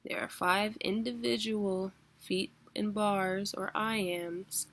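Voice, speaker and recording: A woman's voice: mid-range voice, steady tone, takes it slowly, gravelly, a bit bright. A woman teaching a casual online lesson, explaining patiently with filler words and occasional chuckles. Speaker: poetry teacher.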